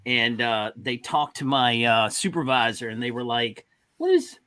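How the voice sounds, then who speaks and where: A man telling animated work stories in a casual chat, acting out the people he quotes. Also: mid-range voice, moderate pace. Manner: animated, tells anecdotes with voiced quotes. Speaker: guest. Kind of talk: casual storytelling.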